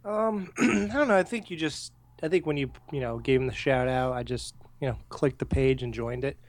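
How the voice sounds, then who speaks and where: A man co-hosting a podcast, telling stories in a casual, animated way and swearing freely. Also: medium pitch, moderate pace. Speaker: podcast co-host. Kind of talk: casual profane chat.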